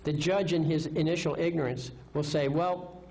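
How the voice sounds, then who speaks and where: A man's voice: fairly high pitch, fairly even intonation, fairly quick, gravelly, a little mellow, low-quality recording. A man giving a live seminar lecture, confident, asking rhetorical questions and checking in with "okay?". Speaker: seminar speaker.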